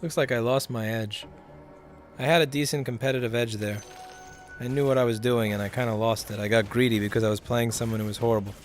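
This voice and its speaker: A man's voice: medium pitch, steady tone, fast talker, soft background music. A man casually commenting live on his video game, swearing often, ranting in frustration and answering his chat. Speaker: livestreamer playing a video game. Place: at a computer while streaming.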